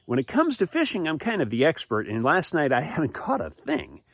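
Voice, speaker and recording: A man's voice: fairly high pitch, huge pitch swings, brisk, a bit bright, no room sound, heavily acted. An earnest, humble fisherman, put on by a man telling a children's Bible story. He speaks hesitantly, almost pleading, with a voice that rises and falls widely. The sound is close and dry.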